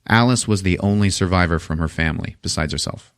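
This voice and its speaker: Low-voiced man recapping a movie. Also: fast talker, clear, resonant tone, dry recording, clean studio sound. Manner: profane, joking, laughs often. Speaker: podcast host.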